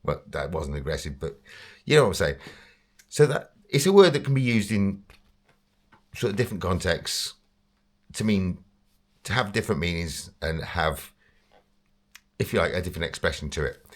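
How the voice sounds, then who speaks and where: A man's voice: deep voice, expressive, moderate pace, long pauses. An English man telling a casual, rambling story about himself, chatty and self-deprecating, often breaking into laughter. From England. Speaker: vlogger.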